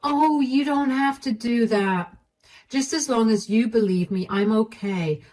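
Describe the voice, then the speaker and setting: A woman voicing an apologetic older mother who speaks gently and pleads to be believed. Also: on the high side, a little slow, recorded from a distance, poor audio. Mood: upset, pleading.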